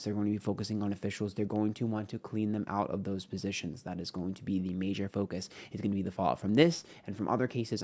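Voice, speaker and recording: A man's voice: fairly low pitch, a little mellow. A man giving a casual tarot reading on camera. He talks in a frank, rambling way, swearing often and using many fillers. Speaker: tarot reader.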